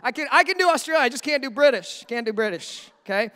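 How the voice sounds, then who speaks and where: A male pastor preaching a sermon in a lively, conversational way, often checking in with "right?". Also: very high voice, quick pace, smooth. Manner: energetic, conversational preaching with frequent "right?" asides. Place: church. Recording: echoey church hall.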